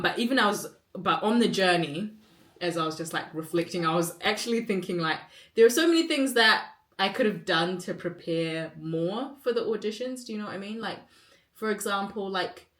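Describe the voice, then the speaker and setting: A woman's voice: fairly low pitch, a bit bright. A woman in her twenties talking to camera in a rambling, candid way, full of fillers and self-mocking asides. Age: 20s. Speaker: vlogger and actor. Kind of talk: casual chat to camera. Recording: roomy echo.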